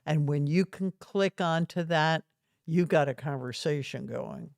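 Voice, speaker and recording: A woman's voice: low-pitched, unhurried, creaky, darkish tone, no echo, clean studio sound. A woman guest, a retired reverend, telling personal stories earnestly with small chuckles. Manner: earnest, chuckles through anecdotes. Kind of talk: storytelling in conversation.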